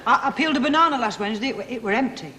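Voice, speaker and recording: A woman, hosting a TV variety show and trading quick one-liners with a laugh in her voice. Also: on the high side, lively intonation, a loud crowd. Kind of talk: comic banter on a TV variety show. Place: TV studio with live audience. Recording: echoey studio with loud audience noise.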